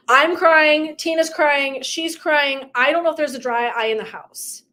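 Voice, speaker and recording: Gushy midlife lady coach rambling to her viewers, kinda high voice, lots of asides. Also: normal speed, a bit bright. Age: middle-aged. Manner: effusive, emphatic, tangents and asides. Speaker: purpose and legacy coach. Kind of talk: casual motivational talk to viewers.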